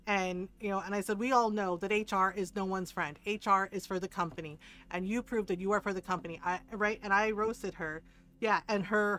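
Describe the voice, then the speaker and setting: A woman's voice: mid-range voice, a bit bright. A middle-aged woman streamer chatting casually with viewers, telling a story animatedly, quoting others and laughing often.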